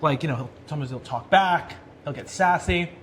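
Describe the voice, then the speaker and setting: A man's voice: fairly high pitch, fairly quick, slight background noise. A man talking as a podcast guest, candid and reflective in casual chat.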